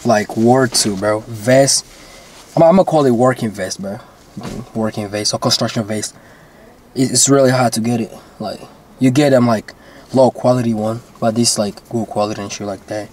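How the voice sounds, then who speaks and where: A man's voice: medium pitch, normal speed, darkish tone, a little hiss or hum. A man vlogging to his viewers in casual chat, rambling and slangy, swearing and saying bro constantly.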